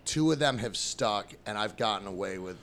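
A man's voice: lowish voice, animated, moderate pace, fairly bright tone, slight background noise. A man, a comedian guest, telling blunt, crude stories with dry humor in casual chat.

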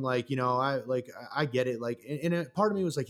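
A man hosting a casual podcast, telling an emphatic, animated story and swearing freely. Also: mid-range voice, quick pace, few pauses. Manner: animated storyteller, acts out phone calls in other voices. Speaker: podcast host.

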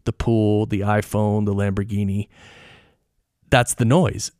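A man's voice: lowish voice, flat delivery, a little slow, a little mellow, no room sound. Middle-aged male podcaster, chatty explainer, close-miked, very dry room. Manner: chatty, explanatory, asks the listener questions. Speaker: podcast host and audio engineer. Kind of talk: casual solo podcast talk. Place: treated home studio with foam and rug. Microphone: close studio microphone.

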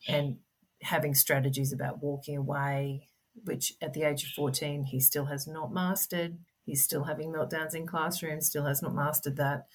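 A middle-aged woman speaks with a notably low voice. She is a guest in a relaxed interview and talks in an earnest, gentle, explanatory way. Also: moderate pace. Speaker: podcast guest, parent advocate. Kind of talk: conversational interview.

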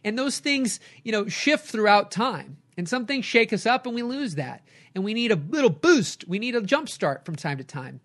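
A middle-aged man, a coach and podcast host, giving an energetic motivational talk with lively storytelling. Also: high voice, moderate pace. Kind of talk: motivational talk, live stream.

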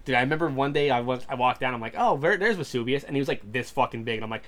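A man's voice: mid-range voice, fairly even intonation, very fast, a bit bright. A man chatting casually with friends, rambling and swearing heavily as he tells stories. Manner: rambling, heavy swearing, laughs a lot. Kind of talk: casual chat among friends.

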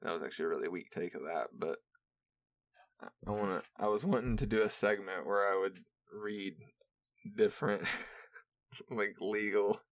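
A man's voice: fairly low pitch, moderate pace, pauses often. A young man hosting a podcast, chatting casually on his own, rambling and swearing with frequent laughter. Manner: rambling, profane, laughs often. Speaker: podcast host. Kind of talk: casual solo podcast chat.

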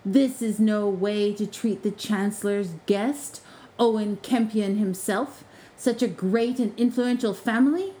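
A woman voicing a charming, scheming male sorcerer who speaks smoothly and flatteringly. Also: mid-range voice, a little slow, close to an everyday voice, low-quality recording.

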